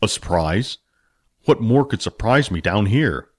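A man doing Billy, a slow naive barbarian. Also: animated, a little mellow, slightly rough. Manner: slow, lower, simple-minded.

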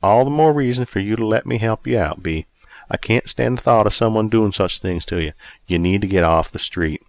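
A man's voice: fairly low pitch, expressive, fairly quick, dry recording. A man playing a kind, caring friend. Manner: warm-hearted, concerned.

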